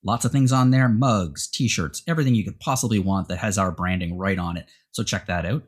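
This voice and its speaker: A man hosting a podcast, chatting casually and giving rambling, animated opinions. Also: fairly low pitch, a little fast, slightly rough. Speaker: podcast host. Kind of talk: casual chat.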